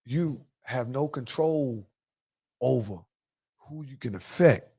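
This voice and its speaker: A man's voice: medium pitch, takes it slowly, mellow, breathy edge. A man hosting a podcast in a casual chat, telling loose, profane stories and acting out quotes. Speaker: podcast host.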